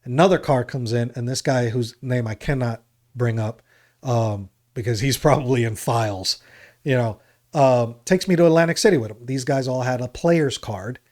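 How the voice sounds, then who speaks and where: Guy from Jersey, podcast co-host, rambling casual storyteller, middle-pitched voice. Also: moderate pace, a little mellow. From New Jersey, USA. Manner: rambling storyteller, acts out other people's lines.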